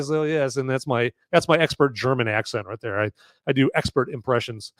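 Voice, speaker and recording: A man's voice: medium pitch, moderate pace, dry recording, studio quality. A man from the United States hosting a live movie review podcast, rambling in casual chat with lots of fillers and restarts. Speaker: podcast host.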